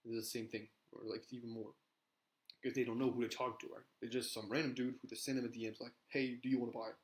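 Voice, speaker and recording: A man's voice: medium pitch, flat delivery, fast, poor audio. A young man coaching on sales in a casual, rambling way, tagging points with "right?" and restarting his sentences. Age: young adult. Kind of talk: casual talking-head advice.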